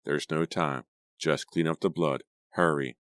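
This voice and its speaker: A man voicing a teenage boy in a horror audiobook who gives orders in a calm, low, steady way. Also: unhurried, dry recording, clean studio sound. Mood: commanding.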